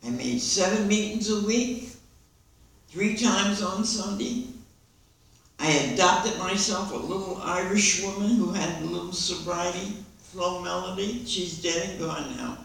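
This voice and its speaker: An older woman giving a lively personal testimony to a meeting, acting out the dialogue as she tells it. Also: on the low side, measured pace. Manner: lively storyteller who acts out dialogue and laughs along. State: hard of hearing. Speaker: recovery meeting speaker. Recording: echoey hall recording from far off.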